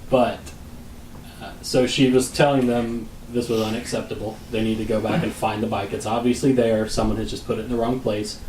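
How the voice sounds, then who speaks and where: A man co-hosting a podcast, telling a long casual story in a rambling way, often clearing his throat and laughing at his own tale. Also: lowish voice, little pitch movement, brisk, darkish tone, roomy sound, recorded from a distance, slight background noise, low-quality recording. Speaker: podcast co-host.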